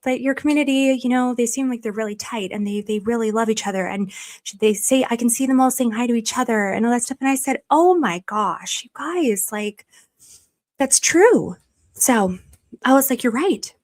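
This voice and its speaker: A woman's voice: on the high side, a little mellow. A woman hosting a livestream, chatting casually to her viewers, gushing and emotional, rambling with many restarts. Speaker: livestream host.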